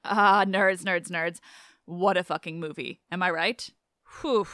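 A woman hosting a podcast in casual chat, talkative and quick to laugh, saying "like" a lot. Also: lowish voice, fairly even intonation, a bit bright, dry recording. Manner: chatty, laughs often, says like a lot. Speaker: podcast host. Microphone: home podcast microphone.

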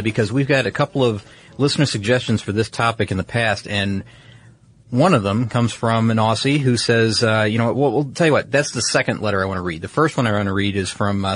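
A man's voice: fairly low pitch, a little fast, fairly bright tone. A man hosting a casual podcast, rambling with lots of fillers and restarts. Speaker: podcast host.

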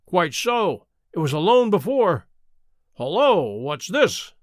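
Man doing a crisp, confident detective. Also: high voice, sing-song, takes it slowly, dry recording, studio quality, heavily acted. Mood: cool. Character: cool, precise male detective, middle-aged.

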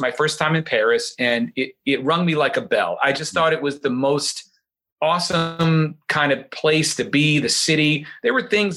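A middle-aged man telling a story in casual chat, acting out the voices of the people he quotes. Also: fairly high pitch. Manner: animated, acts out quoted voices.

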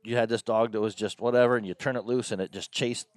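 A man who trains hounds, talking about them in an easygoing way and letting his sentences trail off softly. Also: mid-range voice, steady tone, fast, dry recording. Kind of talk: casual conversation.

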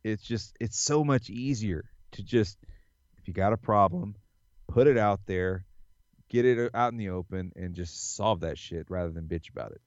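A man, chatting in a relaxed, rambling way as a podcast host. His voice sits low, and the recording is slightly dull and dry, with little room sound around it. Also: moderate pace, no room sound. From American South. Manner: laid-back, rambling, with frequent fillers. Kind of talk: casual chat.

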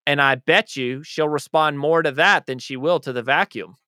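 A man's voice: fairly high pitch, normal speed, sharp tone, no room sound, clean studio sound. A man speaking as an author being interviewed, talking in a passionate, emphatic way. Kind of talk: conversational interview answers.

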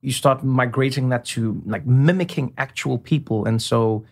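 A man, a comedian talking as a guest in a casual interview, animated and quick to slip into imitations. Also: mid-range voice, creaky. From South Africa. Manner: animated storyteller, slips into imitations.

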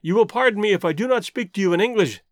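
A man voicing a calm, courteous jungle-raised hero who speaks politely. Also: sits high, fast, no room sound, clean studio sound, natural voice.

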